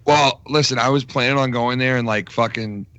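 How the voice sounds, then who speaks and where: A man's voice: mid-range voice, steady tone, moderate pace, fairly bright tone, dry recording. A man from New York telling a rambling, profane story in casual chat on a podcast. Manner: profane, rambling, laughs through stories. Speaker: podcast co-host.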